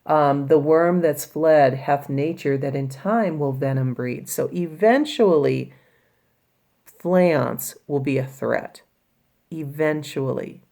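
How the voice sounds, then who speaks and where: A woman teacher talks her class through a Shakespeare scene, retelling it in casual, everyday words. Her voice sits low, with a gravelly edge. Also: takes it slowly, warm tone. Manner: casual, paraphrasing the characters in everyday speech. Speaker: high school English teacher. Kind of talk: recorded class explanation of a play.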